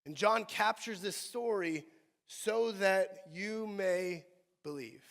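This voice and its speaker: Brief: male pastor, high voice, animated sermon, echoing sanctuary. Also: takes it slowly. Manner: animated preaching, swinging from soft to loud. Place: church sanctuary.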